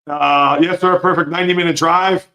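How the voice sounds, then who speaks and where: A man hosting a live sports talk stream, reading chat comments and giving opinionated, animated reactions. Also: on the high side, normal speed, gravelly. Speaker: sports show host.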